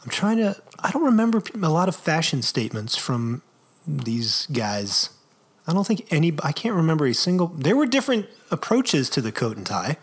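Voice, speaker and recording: Reedy, husky-voiced man in lively chat. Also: on the high side, normal speed. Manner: wry, animated storytelling with frequent laughs. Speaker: podcast co-host. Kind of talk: casual chat.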